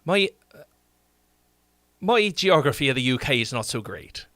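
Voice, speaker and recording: A man's voice: medium pitch, big pitch swings, measured pace, sharp tone, dry recording, clean studio sound. A man chatting casually on a live stream, swearing freely and joking as he rambles. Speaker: streamer and song critic.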